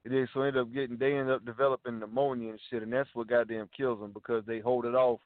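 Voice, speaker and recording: A man's voice: mid-range voice, level tone, fast talker, no room sound. A man co-hosting a talk radio show, ranting in heated casual talk, swearing a lot and tagging his lines with slang asides. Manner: profane, repeats himself, tags lines with "you dig", "bro", "dog". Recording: tinny phone-like audio.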